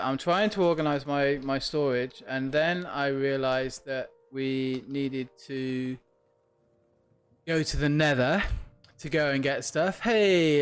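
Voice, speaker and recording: A man with a smooth, fairly bright, mid-range voice streams a game live. Casual and relaxed, he thinks aloud and answers his viewers, with faint lo-fi music behind him.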